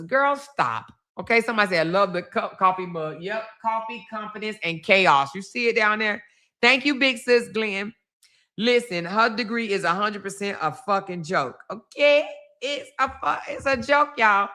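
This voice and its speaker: A woman hosting a livestream, mocking and laughing loudly with heavy swearing. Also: mid-range voice, animated, moderate pace. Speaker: livestream commentary host. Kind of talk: profane comedic livestream commentary.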